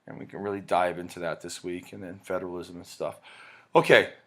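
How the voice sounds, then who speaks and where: Casual man giving a rambling lecture. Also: fairly low pitch. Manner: casual, rambling, self-interrupting. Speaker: teacher. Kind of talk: recorded classroom lecture.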